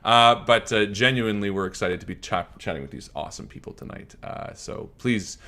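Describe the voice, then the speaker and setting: A man's voice: on the low side, a little fast, heavy background noise. A man hosting a comedic online show, with hammy announcer flourishes and crude joking asides. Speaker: host.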